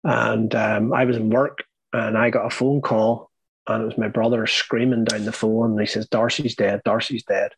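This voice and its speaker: A young man with an Irish accent, telling his own story as an interview guest, earnest and halting, often starting his sentences over. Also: on the low side, level tone, slightly rough, no echo, rough recording. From Ireland. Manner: earnest, halting, with many restarts.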